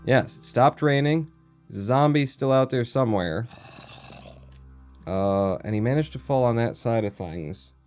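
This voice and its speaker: A man's voice: mid-range voice, measured pace, a little mellow, faint music behind. A man streaming a video game, chatting casually and muttering to himself as he plays, with the odd swear word. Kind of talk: casual gameplay commentary.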